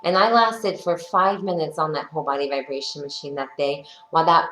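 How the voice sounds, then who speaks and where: A cheerful woman coaching a workout in a fairly low voice, encouraging and chatty with easy fillers. Her voice bounces around an echoey studio room, with faint music playing behind her. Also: fairly even intonation, brisk, fairly bright tone. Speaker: fitness instructor. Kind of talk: guided workout instruction and chatty storytelling.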